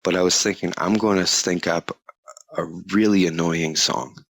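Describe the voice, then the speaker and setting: A man's voice: deep voice, fairly even intonation, normal speed, a bit bright. A man talking in a casual interview, rambling and chuckling, with many fillers.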